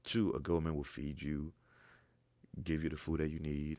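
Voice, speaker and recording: A man with a very deep, fry-laden voice talks through viewer questions like a blunt dating coach. He is profane and emphatic, sinking into low mutters and then breaking into loud outbursts. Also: little pitch movement, normal speed, dry recording. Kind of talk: casual Q&A monologue.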